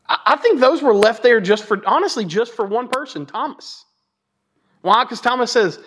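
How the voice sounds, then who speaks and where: A man's voice: sits high, expressive, normal speed, a bit bright. A man giving a Bible teaching sermon in a conversational, joking way, hammering points home by repeating them. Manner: emphatic repetition.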